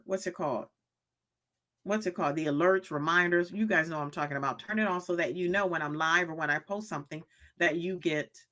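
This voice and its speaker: A woman's voice: low voice, a bit bright. A woman hosting a motivational live stream, speaking in a preachy way, repeating her questions and reading chat comments aloud.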